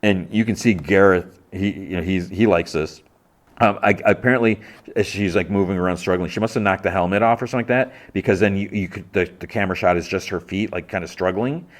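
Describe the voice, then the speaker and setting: Low-voiced man rambling through a recap. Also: a little fast. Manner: rambling, full of "like" and restarts. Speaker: podcast host. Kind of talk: casual episode recap.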